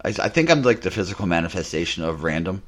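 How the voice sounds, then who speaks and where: Man, very low voice, podcast co-host, casual storytelling, animated quoting. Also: fast. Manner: animated, acts out quotes in his anecdotes.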